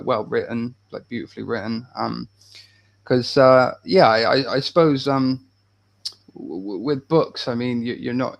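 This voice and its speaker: Guy on a movie podcast, gravelly creaky voice, keeps restarting his sentences, thinking out loud. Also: mid-range voice. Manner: halting and thoughtful, with many restarts. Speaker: podcast co-host. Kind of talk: casual film review chat.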